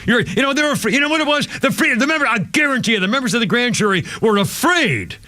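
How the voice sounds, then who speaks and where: A man's voice: very high-pitched, animated, fast talker. A man hosting live talk radio, ranting in a heated, indignant way and repeating himself as he gets angry. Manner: apologizes for yelling. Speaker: radio talk show host.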